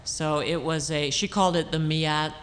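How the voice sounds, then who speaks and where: A woman author answering audience questions on a panel at a public talk, thoughtful and halting, with many restarts and fillers. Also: low-pitched, steady tone, a little hiss or hum. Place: auditorium stage.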